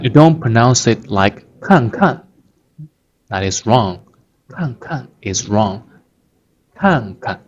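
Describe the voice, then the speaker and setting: Slow-talking guy with teaching a lesson, lowish voice, kinda muffled audio. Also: a little mellow. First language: Chinese. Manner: patient, repeats words slowly for learners. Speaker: Chinese teacher. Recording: dull lo-fi sound.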